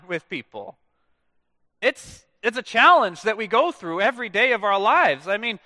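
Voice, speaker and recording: A man in his thirties preaching a sermon in a church, telling stories in a lively way and letting phrase ends fall away soft and low. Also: no echo. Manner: animated storytelling with dramatic soft drops at phrase ends. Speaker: pastor.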